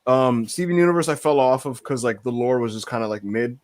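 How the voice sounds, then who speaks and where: A man co-hosting a casual podcast chat, animated and laughing, swearing freely. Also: medium pitch, brisk, dry recording. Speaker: podcast co-host.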